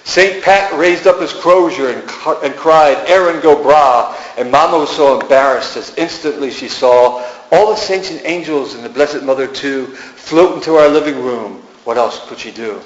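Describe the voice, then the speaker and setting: A man's voice: a little high, moderate pace. A man poet giving a sing-song reading of rhyming verse at a gallery. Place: art gallery. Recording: roomy, dull gallery recording.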